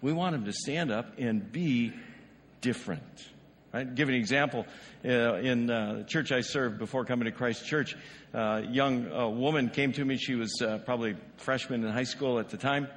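A man's voice: medium pitch, moderate pace, long reverb tail, a little hiss or hum. A male pastor preaching a sermon in a conversational way, often asking the congregation rhetorical questions. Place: church sanctuary.

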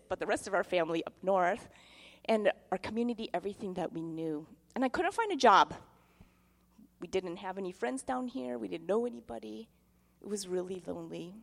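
A middle-aged woman pastor giving a testimony sermon, telling her story in an animated way and acting out the voices in it. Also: mid-range voice, vocal fry. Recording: long hall reverb.

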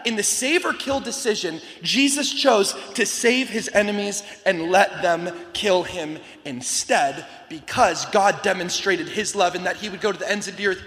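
A man giving an energetic youth camp sermon to a lively crowd, shouting at times and joking between points. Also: high-pitched. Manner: animated, shouting to a rowdy crowd, playful asides. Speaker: camp guest speaker. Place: large hall with a live audience. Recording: long hall reverb.

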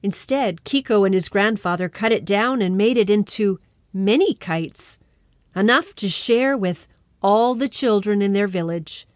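A woman telling a children's story, expressive and lingering on repeated phrases as she narrates. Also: medium pitch, measured pace, no room sound, clean studio sound. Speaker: storyteller and podcast host.

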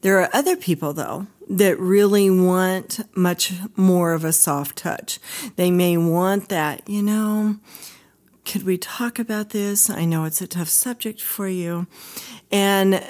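A woman's voice: lowish voice, darkish tone. A woman who is a psychologist hosting an educational podcast, talking in a direct, conversational way. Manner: direct, conversational, acts out quoted voices. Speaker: psychologist host.

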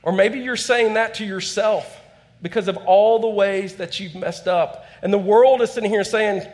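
Speaking at a moderate pace in a high voice with a darkish tone, a man in his thirties delivers a conversational church sermon. As he tells stories, this pastor performs the quoted lines.

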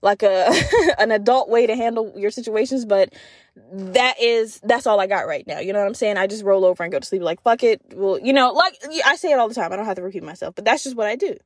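A woman in her twenties hosting a casual solo podcast, telling comedic, profane stories with an animated delivery and lots of "like.". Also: medium pitch, fast talker, no echo, studio quality. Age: 20s. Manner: frequent fillers like "like". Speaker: podcast host.

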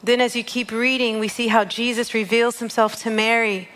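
A woman with a fairly high voice gives a devotional teaching. She speaks in a heartfelt, conversational way and reads scripture passages aloud between her own reflections. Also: steady tone, moderate pace, a bit bright, rough recording. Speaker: worship leader sharing a devotional.

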